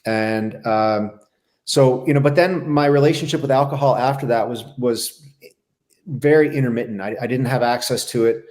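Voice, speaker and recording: A man's voice: medium pitch, a little mellow. Reflective man telling his recovery story. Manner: reflective, halting, with many restarts. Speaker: podcast guest, former Navy SEAL. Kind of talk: candid personal storytelling.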